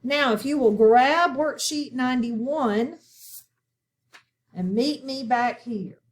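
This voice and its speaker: A woman teaching a phonics lesson to children, speaking slowly and clearly with patient classroom instruction. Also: high voice. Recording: echoey room, voice from far off.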